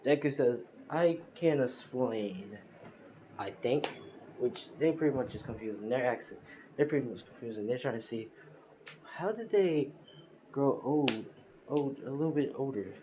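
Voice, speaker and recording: A man telling an improvised fan story out loud, rambling with lots of fillers and restarts. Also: medium pitch, lively intonation, normal speed, background noise.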